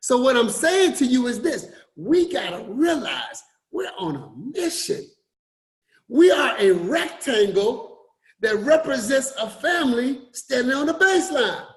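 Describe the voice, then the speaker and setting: A man giving a motivational talk to an online group, repeating his points and swinging between loud emphasis and quiet drops. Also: very high-pitched, very animated, unhurried. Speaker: forex coach and motivational speaker.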